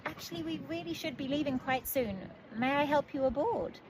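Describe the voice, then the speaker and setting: A woman's voice: sits high, normal speed, noisy background, voice pushed up, natural voice. A woman voicing a fussy, polite male talking chicken-bird in a storybook reading, formal and courteous with clucks.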